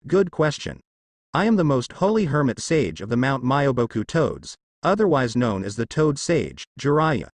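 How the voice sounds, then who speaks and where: A man's voice: medium pitch, big pitch swings, moderate pace, no room sound. A man reading the lines of a boastful, jovial old hermit sage in a fan fiction, with a grandiose manner.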